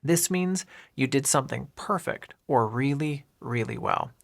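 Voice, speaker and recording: A man with a gravelly, creaky edge to his mid-pitched voice leads an English lesson. He speaks clearly and deliberately, modelling each phrase and pointing out how the words run together. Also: animated. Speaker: English teacher. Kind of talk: scripted lesson narration.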